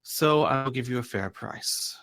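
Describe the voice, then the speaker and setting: A man voicing a shrewd businesswoman who deals in shady goods, speaking in a cool, measured, bargaining way. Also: mid-range voice, a bit bright, close to an everyday voice. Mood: generous. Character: shrewd middle-aged businesswoman fence, smooth-talking.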